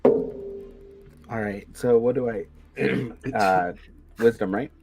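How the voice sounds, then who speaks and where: A man's voice: medium pitch, drawn-out words, gravelly, loud music behind the voice. A man playing a tabletop role-playing game, chatting casually and thinking aloud with hesitations. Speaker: player.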